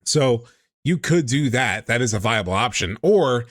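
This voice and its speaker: A man hosting a stream, chatting excitedly and casually, swearing freely. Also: medium pitch, a little slow, no echo, studio quality. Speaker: streamer host. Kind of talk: casual chat.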